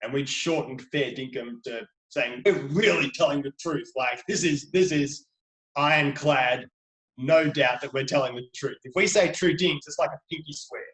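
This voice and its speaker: A man's voice: mid-range voice, normal speed, a bit bright, echoey room, poor audio. A middle-aged Australian man, a children's book author, chatting eagerly as a guest on a video call. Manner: chatty, enthusiastic, playful. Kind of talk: video call interview for kids.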